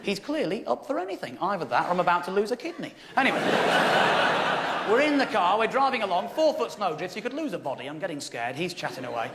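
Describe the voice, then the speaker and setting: A man from England telling a story in stand-up, animated, incredulous and self-mocking. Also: high voice, fast talker, very noisy. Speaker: stand-up comedian. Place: stage before a live audience. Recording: live show with audience laughter.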